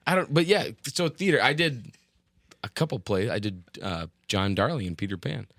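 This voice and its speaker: A man's voice: medium pitch, animated, moderate pace, a bit bright, no room sound, clean studio sound. A man co-hosting a podcast in casual chat, joking, laughing often and slipping into silly voices. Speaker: podcast co-host.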